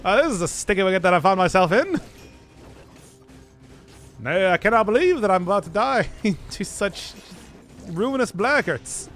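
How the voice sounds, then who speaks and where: A man voicing a pompous old-timey gentleman displaced from time, with theatrical, archaic phrasing. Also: sits high, very animated, rapid-fire, hardly any pauses, faint music behind.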